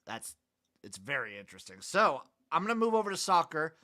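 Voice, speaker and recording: A man co-hosting a casual sports betting podcast, listing his picks with dry, deadpan jokes. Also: fairly high pitch, brisk. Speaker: podcast co-host.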